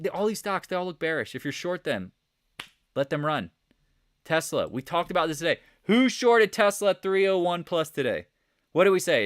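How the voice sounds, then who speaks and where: A man hosting a live market commentary stream, talking in a blunt, animated, sarcastic way. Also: fairly high pitch, dry recording, clean studio sound. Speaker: host of a trading channel.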